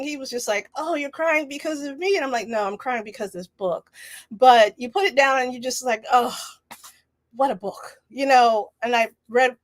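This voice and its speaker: Woman author, casual interview chat, higher voice, dry close sound, animated. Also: no room sound. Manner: animated, chatty, lots of fillers. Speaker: author guest.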